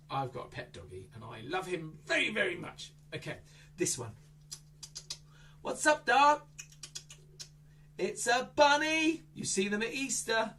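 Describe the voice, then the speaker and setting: Lively children's entertainer, a man. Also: fairly high pitch, unhurried, far from the mic, a little hiss or hum. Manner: playful, with exaggerated squeals and shouts. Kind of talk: interactive kids' magic show.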